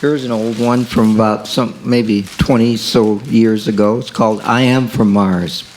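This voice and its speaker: A man's voice: on the low side, fairly even intonation, unhurried, noisy background. A man reading his own poems at a café open mic, in a rhythmic way that repeats lines and stretches key phrases. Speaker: poet.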